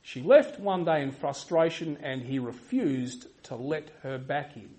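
A man's voice: fairly high pitch, unhurried, low-quality recording. Emphatic preacher man. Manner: emphatic, repetitive, swings from loud to quiet. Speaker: pastor. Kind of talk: sermon.

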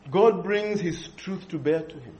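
A man's voice: high-pitched, animated, a little mellow. Earnest preacher man, dull lo-fi sound. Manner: earnest, measured, with pauses and restarts. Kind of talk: expository sermon. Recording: dull lo-fi recording.

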